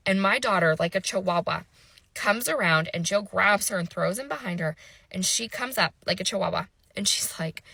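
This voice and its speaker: A woman in her thirties, a mother, retells a frightening family story in an emotional storytime monologue. Her medium-pitched voice is creaky and sharp at a moderate pace, and she grows intense and breathless when quoting the dialogue. There's no echo.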